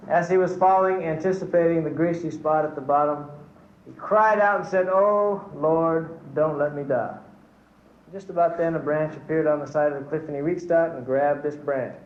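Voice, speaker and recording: A church speaker delivers an earnest sermon packed with stories, testifying and calling his listeners brothers and sisters. His voice is a little high and brisk, with fairly even intonation. The recording is dull and lo-fi, made in an echoey hall.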